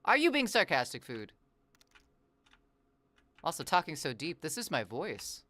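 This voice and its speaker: A variety streamer chatting casually while gaming, rambling playfully, drifting into musing asides and reacting to chat with quick exclamations. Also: medium pitch, wildly swooping pitch, sharp tone.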